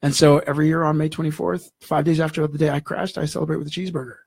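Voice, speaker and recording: Fast-talking man telling a story. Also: fairly high pitch, creaky, husky, dry recording. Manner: animated, acts out dialogue in the story. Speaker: guest. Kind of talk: storytelling in an interview.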